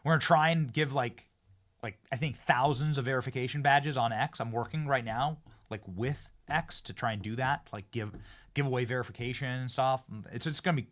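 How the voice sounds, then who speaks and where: A man hosting a live-streamed talk show from a studio, speaking in excitable casual chat and often repeating and restarting his phrases as he hypes guests. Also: mid-range voice, brisk. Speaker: political talk show host.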